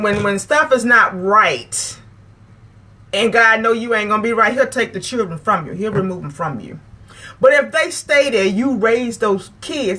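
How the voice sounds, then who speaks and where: A vlog host with a mid-range voice that is bright, forceful and a bit rough talks straight to camera. Preachy and emphatic, she lectures her viewers and repeats phrases to make her point stick.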